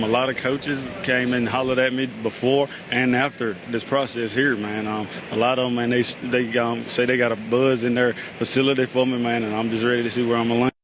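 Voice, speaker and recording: A young football player with a rural South Carolina accent, talking relaxed and drawling. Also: male voice, medium pitch, brisk, hardly any pauses, noisy background. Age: young adult. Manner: relaxed, drawling, adds man often.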